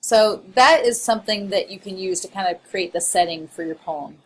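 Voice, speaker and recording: A woman's voice: mid-range voice, moderate pace, a little hiss or hum. A woman with a Southern Illinois accent giving a recorded college English lecture, chatty and playful, with frequent laughs and asides.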